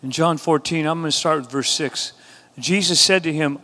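In a church sanctuary, a pastor preaches a sermon to his congregation, building into emphatic call-and-response exhortations. His voice is a little high, bright and forceful, at a normal speed.

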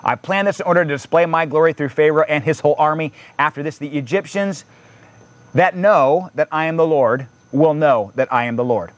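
Guy pastor preaching, chatty, reads bible bits, kinda high voice, dry sound. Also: fairly quick, dry recording. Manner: conversational, reads scripture aloud with asides. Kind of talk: sermon.

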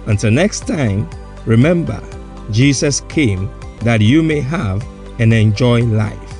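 Man's calm podcast sign-off over faint music. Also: medium pitch, slow. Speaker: podcast host. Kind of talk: scripted podcast outro.

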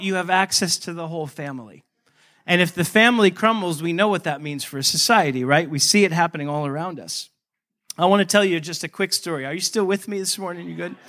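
A man's voice: high voice, bright, forceful tone. A man in his thirties preaching a sermon to a congregation, emphatic, repeating his points and asking the listeners questions. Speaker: pastor. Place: church service.

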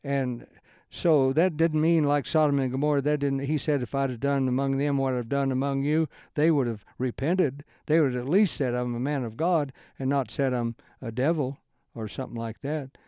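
Mellow-voiced man teaching scripture informally. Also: steady tone, normal speed, smooth, no room sound, clean studio sound. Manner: rambling, with broken sentences and restarts; swings into emphatic raised-pitch lines. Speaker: Bible teacher. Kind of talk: informal Bible study talk.

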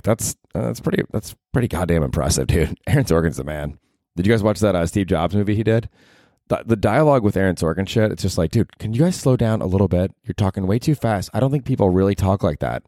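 Deep-voiced man rambling on his podcast. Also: darkish tone, no room sound, clean studio sound. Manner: rambling, profane, chatty. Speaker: podcast host. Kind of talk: casual solo podcast monologue. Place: his apartment at night.

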